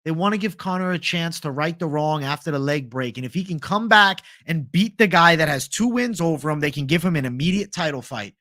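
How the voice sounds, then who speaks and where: A man's voice: a little high, expressive, a little fast, hardly any pauses, sharp tone, no echo, studio quality. A young man casually chatting on a livestream, swearing freely and answering viewer comments. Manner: casual, profane, reads viewer comments aloud. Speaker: livestream host.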